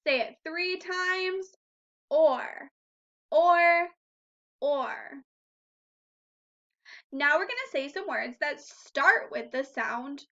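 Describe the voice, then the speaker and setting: A woman teaching a phonics lesson to young children, speaking slowly and clearly and drawing out each sound. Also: high voice, pushed and bright, dull audio. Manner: slow, clear, encouraging teacher talk with drawn-out sounds. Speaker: first grade teacher.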